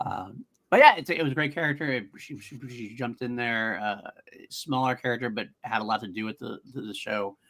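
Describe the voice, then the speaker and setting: An excitable man co-hosting a casual podcast, his voice bright and forward. He talks emphatically, circling back and repeating his points. Mid-range pitch, easygoing chat. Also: fairly quick, creaky. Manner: enthusiastic, emphatic, repeats himself. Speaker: podcast co-host.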